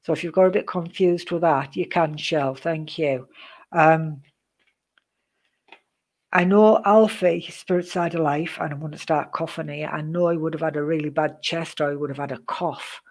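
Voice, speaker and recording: A woman giving psychic readings on a live stream, chatty and rambling, greeting viewers by name, with many pauses and "um"s. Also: low voice, fairly even intonation, darkish tone. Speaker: psychic reader.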